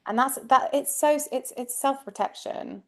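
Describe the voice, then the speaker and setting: A woman's voice: sits high, moderate pace, a bit bright. A woman astrologer, a guest on a podcast, speaking reflectively in casual chat and often restarting her thoughts.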